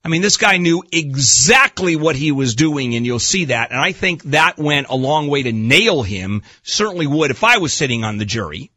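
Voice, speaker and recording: A man's voice: on the high side, expressive, normal speed, hardly any pauses, pushed and bright, no room sound. A man hosting a talk radio show, giving emphatic, pointed commentary. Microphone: studio microphone.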